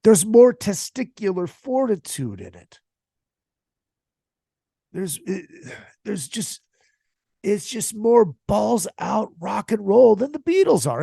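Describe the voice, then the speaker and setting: A man's voice: high-pitched, big pitch swings, slow pace, vocal fry, pauses often, dark tone, husky, no echo, studio quality. A man hosting a podcast, talking casually with heavy swearing and strong opinions. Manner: profane, opinionated, emphatic. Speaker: podcast host. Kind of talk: casual solo podcast rant.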